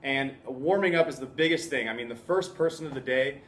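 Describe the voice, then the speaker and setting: A man's voice: medium pitch, fairly quick, a little hiss or hum. A young man vlogging casually, upbeat and chatty, laughing often and acting out what other people said. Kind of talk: casual vlog talk. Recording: echoey room, faint ambience.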